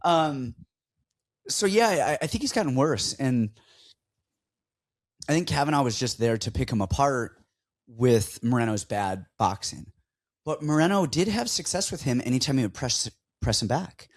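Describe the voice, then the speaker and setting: Lively, joking male podcast co-host. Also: medium pitch, normal speed. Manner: joking, rambling, animated. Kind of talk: casual chat, fight breakdown.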